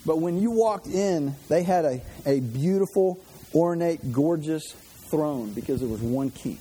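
High-voiced pastor preaching conversationally. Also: male voice, a little slow, husky, rough recording. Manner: conversational, animated, with frequent restarts. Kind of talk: sermon.

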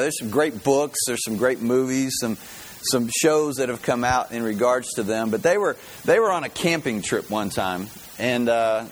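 A man's voice: medium pitch, slight background noise, poor audio. A man preaching a sermon, talking in a folksy, conversational way and telling jokes along the way. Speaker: pastor.

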